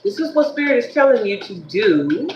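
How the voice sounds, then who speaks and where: A woman giving a livestreamed tarot reading, speaking straight to her viewers in a lively, preachy way. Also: a little high, moderate pace, roomy sound, dull audio, noisy background. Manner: animated, preachy, addresses viewers directly. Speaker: tarot reader.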